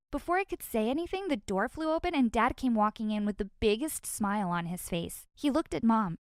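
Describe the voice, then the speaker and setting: A woman narrating a first-person animated story in a wry, exasperated tone. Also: medium pitch, brisk, few pauses, no room sound, studio quality.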